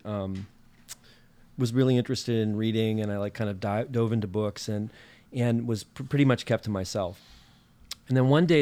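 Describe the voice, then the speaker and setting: Halting, laughing man from Minnesota. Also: on the low side, a little mellow. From northern Minnesota. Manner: halting, many fillers and restarts, laughs often. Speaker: podcast guest. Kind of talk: casual storytelling chat.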